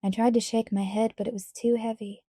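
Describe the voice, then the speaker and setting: A woman reading a novel aloud in quiet, even first-person narration. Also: on the high side, fairly quick, husky, no echo, clean studio sound. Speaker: audiobook reader.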